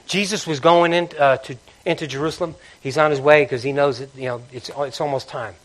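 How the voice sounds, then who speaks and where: A man preaching a sermon, telling stories with animated swings between loud outbursts and quiet passages. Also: a little high. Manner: animated storytelling, acting out characters with loud outbursts and quiet drops.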